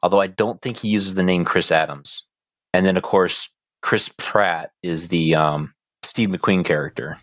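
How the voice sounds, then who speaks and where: A man's voice: deep voice, a little slow, no room sound, dull audio. A man co-hosting a podcast, chatting casually about films in an easygoing, joking way. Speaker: podcast co-host. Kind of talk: casual movie review chat.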